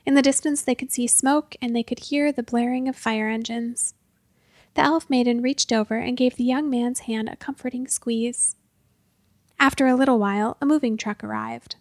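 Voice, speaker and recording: A woman narrating a storybook with an expressive, measured delivery. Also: on the high side, no room sound, clean studio sound.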